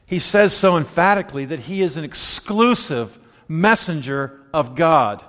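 A man delivers a sermon in a fairly high voice, pressing his points with questions thrown out to the listeners. His words ring out with the long reverb of a big hall. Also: animated, a little slow, fairly bright tone. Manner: emphatic, with rhetorical questions to the congregation. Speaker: pastor.

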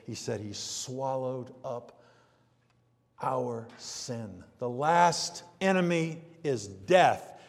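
A middle-aged man preaching a sermon, swinging from loud emphasis to quiet asides. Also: sits high. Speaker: pastor. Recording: reverberant hall.

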